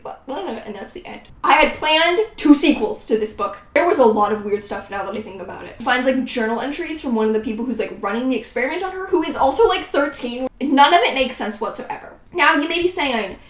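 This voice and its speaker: A young woman in her twenties with a slightly high voice, dryly poking fun at herself. She talks casually and sarcastically, and the sound rings with room echo. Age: 20s. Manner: sarcastic, self-mocking, laughs at herself. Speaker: writing vlogger. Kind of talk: casual reaction vlog. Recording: roomy echo.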